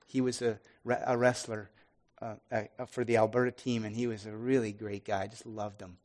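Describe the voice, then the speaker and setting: A man's voice: fairly low pitch, normal speed. Earnest man telling a testimony. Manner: earnest, animated, frequent restarts, loud and soft swings. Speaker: preacher giving testimony. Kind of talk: sermon testimony storytelling.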